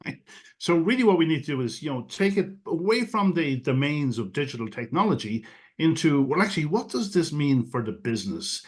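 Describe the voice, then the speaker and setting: A man's voice: on the high side, very animated, a little fast, breathy edge. A man, a guest expert on a webinar call, explains his views fluently, sprinkling in many "you know" fillers. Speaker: guest expert on digital strategy. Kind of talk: webinar interview answers. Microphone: video call.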